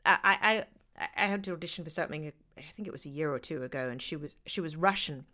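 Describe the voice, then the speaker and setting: A woman's voice: low-pitched, fast talker. A woman in her forties, an actor, chatting casually and telling stories with lots of laughter. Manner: lively, laughing storyteller. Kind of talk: casual conversation.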